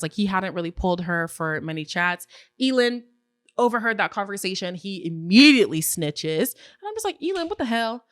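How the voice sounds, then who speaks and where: A woman's voice: medium pitch, bright, forceful tone, dry recording. Woman, podcast host, casual opinionated recap, acts out quotes, dry close sound.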